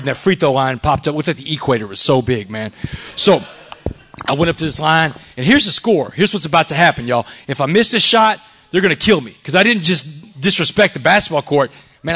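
A man's voice: on the high side, animated, a little fast, sharp tone. A man from Texas with a Southern accent telling his life story to an audience, emphatic, tossing in "man" and "y'all". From Texas, USA.

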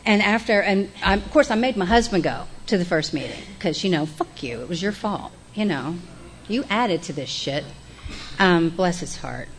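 A woman's voice: lowish voice, animated, moderate pace, slight background noise. A middle-aged woman, candidly sharing her recovery story in a frank, profane, self-mocking way. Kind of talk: candid personal testimony.

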